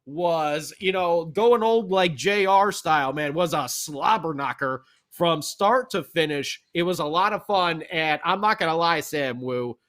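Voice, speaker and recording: A man hosting a hockey podcast, recapping a game with animated fan enthusiasm. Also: a little high, measured pace. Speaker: podcast host. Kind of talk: excited sports talk recap.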